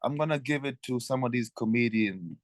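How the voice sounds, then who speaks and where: A man's voice: mid-range voice, fairly quick, dry recording. Laid-back swearing male comedian. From Africa. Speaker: guest comedian. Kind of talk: casual chat.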